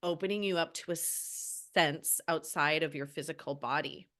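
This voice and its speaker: A heartfelt woman with a somewhat low voice speaks as an animal healer on a podcast. She is earnest and gentle. She often breaks off and restarts her sentences as she talks. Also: normal speed. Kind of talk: casual podcast conversation.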